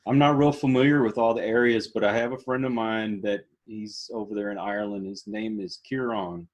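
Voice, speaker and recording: A man's voice: fairly low pitch, steady tone, a little fast, dull audio. A man with a Texan accent hosting a casual interview, friendly and a little rambling. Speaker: podcast host.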